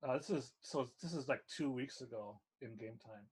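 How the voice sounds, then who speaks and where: A man running a tabletop game, calmly narrating scenes with frequent fillers. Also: mid-range voice, breathy edge. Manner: unhurried descriptive narration with fillers. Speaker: game master.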